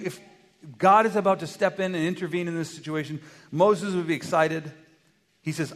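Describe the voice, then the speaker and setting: A man preaching a sermon as pastor, animated, acting out dialogue and asking his listeners rhetorical questions. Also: high-pitched, moderate pace. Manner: animated, acts out dialogue with God in varied voices; asks the congregation rhetorical questions. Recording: long hall reverb.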